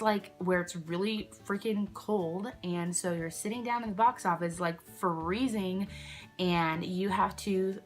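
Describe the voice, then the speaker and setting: A woman's voice: lowish voice, a bit bright. A young woman telling a casual storytime at home, chatty and rambling, full of fillers and sidetracks, recorded on her own camera. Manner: rambling, chatty, many "like" fillers, self-interrupting. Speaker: vlogger. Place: indoors at home, candles nearby. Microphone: camera she films herself with.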